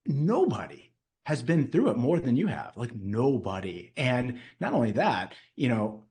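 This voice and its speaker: A man's voice: medium pitch, wildly swooping pitch, unhurried, a little mellow. A man hosting a casual interview, talking in a friendly, familiar way with a guest he knows well. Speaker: podcast host.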